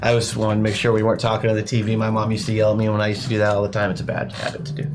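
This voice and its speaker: A man playing in a tabletop game, bantering in a lively, joking way. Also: on the low side, racing, over music. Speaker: player. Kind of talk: tabletop game role-play chat.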